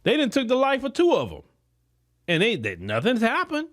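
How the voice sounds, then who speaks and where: A man's voice: very high-pitched, huge pitch swings, normal speed, a bit bright. A man hosting a podcast, giving a political commentary monologue in an emphatic, preachy way, talking straight to his listeners with loose, repetitive phrasing. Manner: colloquial, many repeated words. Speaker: podcast host.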